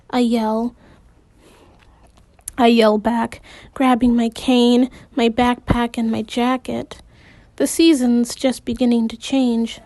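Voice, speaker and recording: A woman reading a novel aloud in the first person, unhurried, with occasional slips and restarts. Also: on the high side, dark tone, dry recording. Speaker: amateur audiobook reader.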